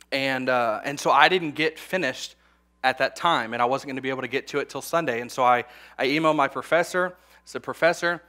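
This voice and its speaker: A young man preaches to graduating students with a bright, forceful tone. His delivery is conversational, full of repeated words and light humorous asides. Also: mid-range voice.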